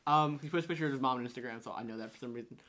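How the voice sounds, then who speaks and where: A man's voice: mid-range voice, very fast, a bit bright. A young man co-hosting a casual podcast, rambling through news and laughing with friends. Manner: laughing, rambling, breaks into silly voices. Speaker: podcast co-host. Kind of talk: casual banter among friends.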